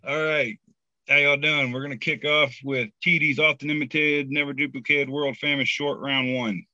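A man's voice: mid-range voice, steady tone, moderate pace, sharp tone, no room sound. A man co-hosting a podcast, chatting casually with wry, playful remarks. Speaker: podcast co-host. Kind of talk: casual chat. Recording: dull lo-fi sound, dry.

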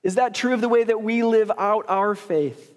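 A man's voice: high voice, moderate pace. A man preaching a sermon as pastor, talking in a conversational, joking way and putting questions to the congregation. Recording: long hall reverb.

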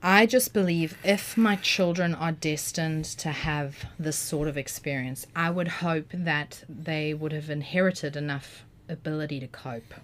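A woman, a podcast guest, telling personal stories in an animated, vivid way with casual swearing. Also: low voice, unhurried, hardly any pauses. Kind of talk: casual storytelling.

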